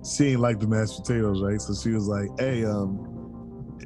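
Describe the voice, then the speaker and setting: A man's voice: lowish voice, fast talker, music in the background. A man in his thirties, a podcast co-host, telling stories in a casual chat and laughing often. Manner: animated, laughs often, storytelling.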